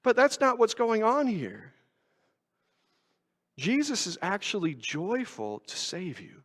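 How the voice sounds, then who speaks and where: His voice sits high and moves slowly, with huge pitch swings and a fairly bright tone. As pastor, he gives a conversational, self-mocking sermon full of rhetorical questions, recorded with long reverb in a church sanctuary.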